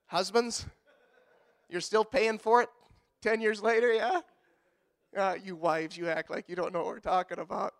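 A man pastor preaching a sermon in a church, animated and joking with the congregation, acting out quotes in other voices. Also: high-pitched, moderate pace, creaky, long pauses.

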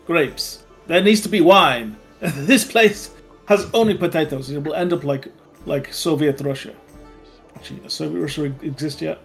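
A man's voice: fairly high pitch, moderate pace, vocal fry, soft background music. A man voicing a worldly male adventurer who craves wine and calls everyone his friend. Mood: wry.

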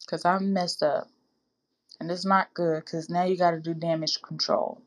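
A woman's voice: on the low side, steady tone, normal speed. A woman hosting a faith-based podcast for women, speaking earnestly and informally to listeners she calls sis and baby, in a preacherly, exhorting way. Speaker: podcast host.

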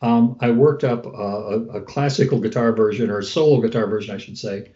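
A man's voice: lowish voice, brisk, dark tone. A man hosting a podcast, chatting about gigs in an amused, storytelling way. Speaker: podcast host and guitarist. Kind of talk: casual chat. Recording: dull lo-fi sound.

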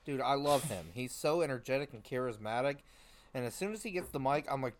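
A man's voice: mid-range voice, fairly quick. Young man retelling stories, dude-heavy. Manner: animated storyteller, calls everyone dude. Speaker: podcast co-host. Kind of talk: casual chat.

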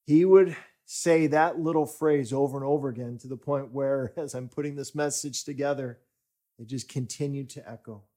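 A man preaching a sermon as pastor, deliberate and emphatic, rising for stress and sinking to near-whispers. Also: medium pitch, fairly even intonation, dark tone.

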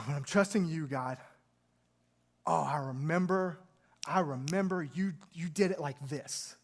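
A man's voice: a little high, measured pace. A man voicing Peter as an unsure man who admits he has no idea what to do and turns to prayer. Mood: uncertain. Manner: hesitant, searching.

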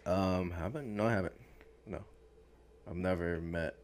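A young man co-hosting a casual podcast, talking bluntly and laid-back, often trailing off quietly. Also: deep voice, unhurried. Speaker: podcast co-host. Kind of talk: casual chat.

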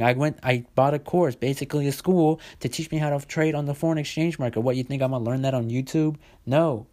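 A man's voice: mid-range voice, a little fast, a little mellow. A man in his twenties telling a story in a casual vlog, rambling with lots of fillers and swearing freely. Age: 20s. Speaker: vlogger.

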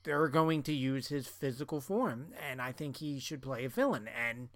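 A man's voice: medium pitch, normal speed, fairly bright tone, no room sound. A man co-hosting a podcast in casual chat, talking in a loose, chatty way full of fillers. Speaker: podcast co-host.

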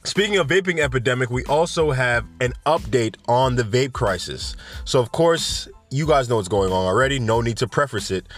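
A man's voice: medium pitch, animated, moderate pace, hardly any pauses, faint music behind. A man from Jamaica hosting a casual cannabis news podcast, rambling and joking with slangy asides. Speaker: podcast host.

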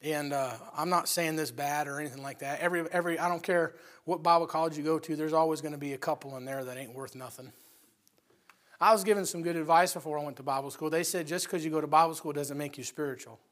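A man preaching a sermon, emphatic and folksy, telling stories between scripture readings and building to loud peaks. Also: on the high side, fast talker. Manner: folksy with storytelling asides.

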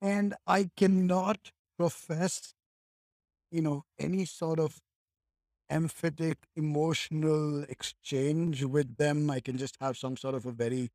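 A man's voice: fairly high pitch, flat delivery, slow pace, darkish tone, no room sound, studio quality. A man from India in casual conversation, thinking aloud and leaning on "like" and "right?" a lot.

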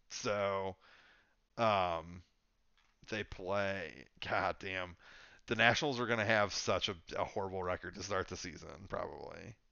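Low-voiced man rambling about sports. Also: slow pace, gravelly, pauses often, bright, forceful tone, no echo, highs cut off. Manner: rambling, thinks aloud with many fillers. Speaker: podcast co-host. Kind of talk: casual sports chat.

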